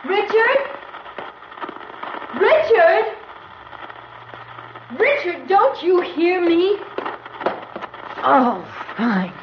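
An actress playing a nervous, sharp-tongued young bride who turns from bitter sarcasm to frightened whispers. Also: female voice, sits high, animated, a little slow, pauses often. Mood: sarcastic. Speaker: newlywed wife. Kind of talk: dramatic dialogue acting. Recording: muffled vintage recording with faint hiss.

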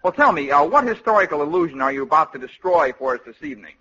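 A man's voice: fairly high pitch, very animated, quick pace, pushed and bright. A man hosting a 1950s radio comedy interview, polite and dry, with faint sarcasm. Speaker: host. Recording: dull lo-fi old radio recording.

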